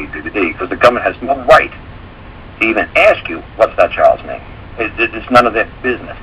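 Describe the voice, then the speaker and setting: A man's voice: low-pitched, highs cut off, a little hiss or hum. A man hosting a radio talk show, telling stories in a rambling way and acting out the dialogue he quotes.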